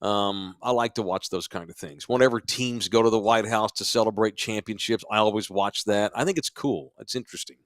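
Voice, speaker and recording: A man's voice: lowish voice, fairly quick, few pauses, dry recording. A middle-aged man from Texas co-hosting a casual podcast from a sports bar studio, telling loose, rambling stories. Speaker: podcast co-host.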